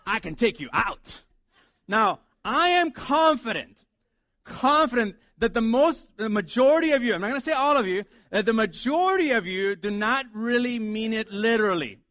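High-voiced, dry-sounding male preacher. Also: moderate pace, no room sound. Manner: conversational, animated, acts out quoted lines. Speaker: pastor. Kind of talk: sermon.

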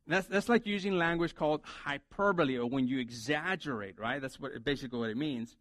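A male pastor preaching a sermon in a high voice. He talks in a casual, conversational way and acts out the lines he quotes. The sound is dry and close, with hardly any room echo. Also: normal speed, few pauses, fairly bright tone.

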